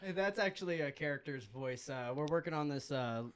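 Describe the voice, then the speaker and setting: A man co-hosting a podcast in casual chat, playful and teasing with quick apologetic asides. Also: fairly high pitch, lively intonation, smooth. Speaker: podcast co-host.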